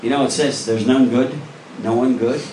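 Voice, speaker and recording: A man's voice: mid-range voice, fairly even intonation, normal speed, dark tone, slight background noise. A male pastor preaching a sermon in a church, earnest and emphatic, pressing the congregation with direct questions. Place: church sanctuary. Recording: roomy echo, voice from a distance.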